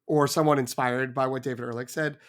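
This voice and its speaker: A man's voice: medium pitch, fairly even intonation, a little fast. Rambling, stammering podcast host man. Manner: rambling storyteller with stammered restarts. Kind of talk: casual chat.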